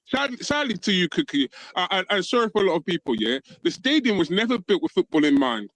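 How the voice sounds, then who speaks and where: Panel guest, man, high and very animated, dry close sound, emphatic. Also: fast, dry recording, low-quality recording. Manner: emphatic, keeps calling others brother. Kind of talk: livestream fan chat.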